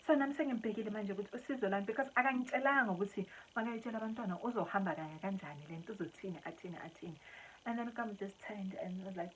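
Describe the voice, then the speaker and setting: A woman's voice: medium pitch, quick pace, slight background noise, rough recording. A young South African woman telling a story-time vlog, chatting casually and mixing English with isiZulu. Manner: chatty, switching between English and isiZulu mid-sentence. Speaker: vlogger.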